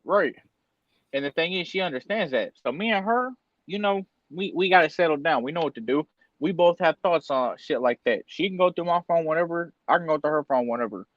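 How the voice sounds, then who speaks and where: Young guy rambling about his feelings on a podcast, bit high voice, dry dull lo-fi sound. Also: expressive, a little fast, no echo. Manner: emotional, candid storytelling with slang. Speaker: podcast co-host. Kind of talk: casual podcast chat.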